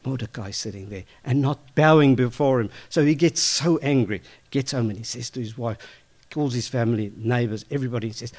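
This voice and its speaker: A man retelling a Bible story informally, lively and conversational, with fillers and self-corrections. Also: medium pitch, fairly quick.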